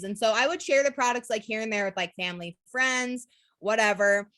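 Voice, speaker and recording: A woman's voice: fairly high pitch, normal speed, a bit bright, dry recording. A young woman from Utah telling her network marketing story in a casual, candid way, full of "like" and "literally" and the odd swear word. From Utah, USA.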